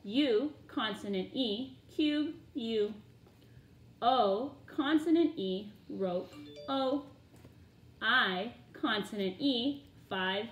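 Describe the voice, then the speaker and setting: Female phonics teacher, unhurried and precise, roomy echo on the voice. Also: a little high, a bit bright. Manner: slow, deliberate enunciation of letters and sounds. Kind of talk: phonics drill lesson. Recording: echoey room.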